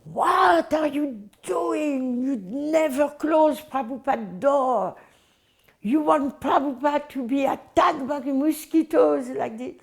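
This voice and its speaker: A woman voicing an angry male attendant who shouts and scolds. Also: extremely high pitch, takes it slowly, gravelly, pitched above the performer's own voice, full character voice. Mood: furious scolding.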